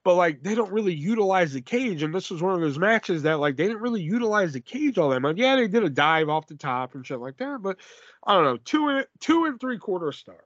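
High, bright-voiced man ranting casually. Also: brisk, dry recording, highs cut off. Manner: rambling, profane, animated storytelling. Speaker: podcast co-host. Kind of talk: casual wrestling review chat.

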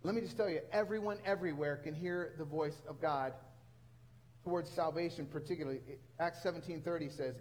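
Man, pastor, sermon, earnest storytelling, high voice. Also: a little fast, poor audio. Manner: earnest storytelling with rising emphasis.

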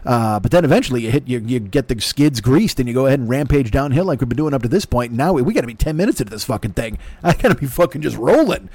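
An older man riffs at a rapid clip in a profane, rambling monologue, poking fun at himself as he goes. His voice is mid-pitched and sits close and dry on a laptop microphone, with no room sound around it. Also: lively intonation, a little mellow, husky, no room sound. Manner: profane, rambling, self-mocking. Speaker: podcast host. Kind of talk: solo comedic rant.

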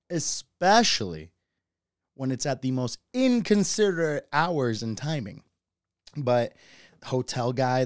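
A man's voice: lowish voice, smooth, no room sound, studio quality. A man hosting a podcast, telling stories in a loose, profane way and often breaking into laughter. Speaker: podcast host. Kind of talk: casual solo podcast monologue.

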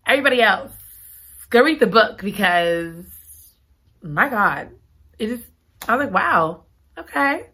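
Recapping a book, this reviewer keeps things conversational and relaxed, giggling and gushing with one repeated exclamation after another. She has a bright, forward, expressive voice at medium pitch, speaking unhurriedly with long pauses.

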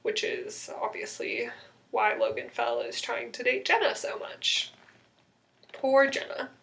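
Chatty young woman with a bright voice. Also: fairly high pitch, a little slow, vocal fry. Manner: chatty, animated, acts out quotes with sarcasm. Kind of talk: casual podcast chat recapping a TV episode.

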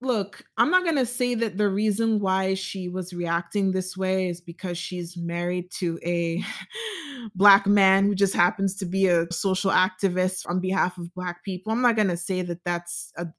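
A woman vlogger telling a story to camera in a casual, measured way, with frequent fillers and self-corrections. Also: medium pitch.

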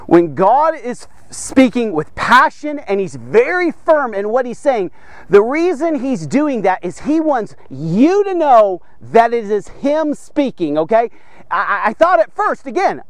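Fervent high-voiced man preaching. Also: very animated, normal speed, no room sound. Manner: fervent, repeats phrases, addresses listeners as guys. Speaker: devotional preacher. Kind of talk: energetic devotional sermon.

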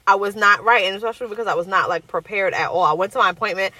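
A woman's voice: medium pitch, rapid-fire, no echo. A young woman telling a personal story in casual chat, acting out the voices of the people she quotes. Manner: animated, acts out quoted voices.

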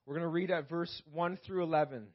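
A man preaching a sermon in church, calling out to the congregation and slowing down to read scripture aloud. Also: a little high, steady tone, lo-fi sound. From Canada. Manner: preaching with call-outs to the congregation. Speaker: pastor.

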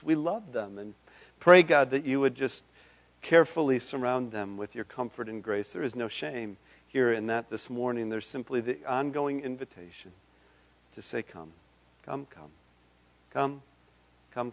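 A man leading a congregation in a fervent altar call and closing blessing, his voice rising to loud impassioned calls. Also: medium pitch, moderate pace. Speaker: pastor. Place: church sanctuary. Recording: dull lo-fi church recording.

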